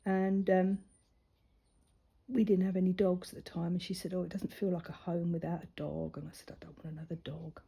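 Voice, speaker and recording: A woman's voice: lowish voice, flat delivery, brisk, gravelly, dark tone, slightly rough. A woman, a mother with a grown daughter, chatting casually and rambling through a personal story while she colours, her voice often dropping to a near-whisper. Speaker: crafting vlogger.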